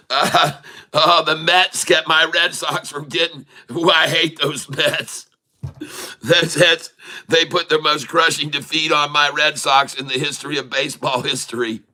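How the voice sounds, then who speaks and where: A middle-aged man hosting a live day-trading stream, folksy and excitable, thanking viewers and calling out moves to his "folks.". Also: a little high, takes it slowly. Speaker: day-trading livestream host.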